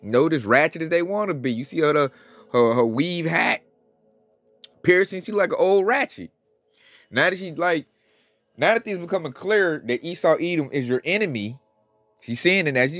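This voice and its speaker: A man's voice: fairly high pitch, lively intonation, moderate pace, long pauses, fairly bright tone, no echo, soft background music. A man preaching a sermon, mocking and drawn out as he comments on a video.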